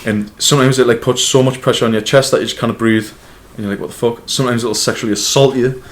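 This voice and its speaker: A man co-hosting a casual podcast chat, telling animated stories with lots of swearing and laughter. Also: medium pitch, fast. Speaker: podcast co-host.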